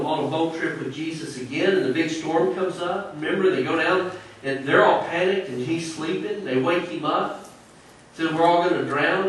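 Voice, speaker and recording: A man's voice: on the high side, a little hiss or hum. Man preaching in an echoey church. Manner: earnest, conversational preaching with rhetorical questions. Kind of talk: sermon. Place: church sanctuary. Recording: echoey church audio from a distance.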